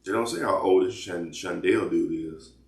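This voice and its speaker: A man's voice: low-pitched, moderate pace, reverberant. A man hosting casual commentary, talking loosely with lots of restarts. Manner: loose rambling talk with repeated restarts. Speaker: commentary host.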